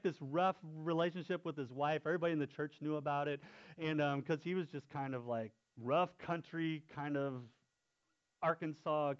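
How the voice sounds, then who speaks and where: A man tells a story in a relaxed, chatty way, often laughing between phrases. His voice sits high for a man and is animated. The recording sounds dull and lo-fi. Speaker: youth pastor telling a story. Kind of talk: casual storytelling.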